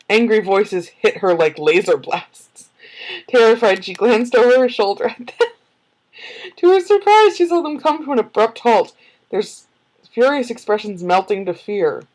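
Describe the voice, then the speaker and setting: A woman's voice: mid-range voice, lively intonation, moderate pace, darkish tone, low-quality recording. Snarky woman reading a book aloud. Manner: snarky, sarcastic asides; giggles often. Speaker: book reader and commentator. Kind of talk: casual read-aloud with commentary.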